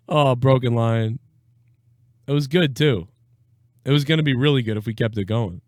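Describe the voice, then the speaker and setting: A man's voice: mid-range voice, moderate pace, long pauses, no room sound. A man hosting a casual live call-in show, rambling and profane, laughing easily. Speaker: live show host taking calls.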